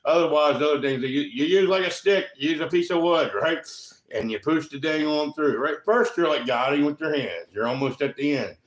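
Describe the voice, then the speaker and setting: A man talking casually to the camera in a rambling, profane way, tagging most remarks with a quick "right?". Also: fairly high pitch, animated, roomy sound. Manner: profane, keeps asking "right?". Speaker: vlogger.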